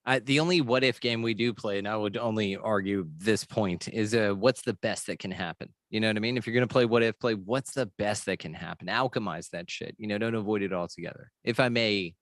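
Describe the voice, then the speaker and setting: A man's voice: lowish voice, fairly quick, few pauses, no echo. A man hosting a casual podcast chat, laid-back and effusive. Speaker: host.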